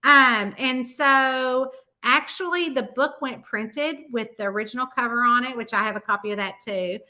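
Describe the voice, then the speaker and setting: A middle-aged host with a Southern US accent, from the American South, casually chats with her audience while telling a long story filled with quoted voices. She speaks at a moderate pace in a fairly high, bright voice with a forceful tone.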